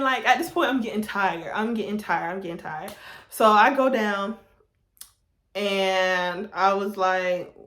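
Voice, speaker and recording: A young woman telling a casual storytime to her camera, animated and laughing through it. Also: a little high. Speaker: vlogger. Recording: roomy echo.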